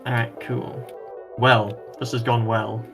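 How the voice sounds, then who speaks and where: A man's voice: mid-range voice, level tone, takes it slowly, a bit bright, faint music behind. A man with a mid-range voice talks through his turn at a tabletop game. He sounds easygoing and upbeat. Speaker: player. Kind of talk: casual game chat.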